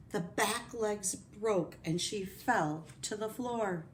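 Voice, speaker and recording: A woman reading a picture book aloud to children, slow and expressive. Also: medium pitch, a little hiss or hum. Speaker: storyteller.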